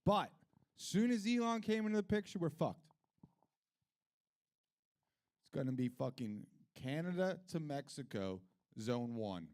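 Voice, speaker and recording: A middle-aged man doing a profane, rambling stand-up comedy set at a live venue, jumping between loud rants and low mutters. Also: big pitch swings, measured pace, long pauses.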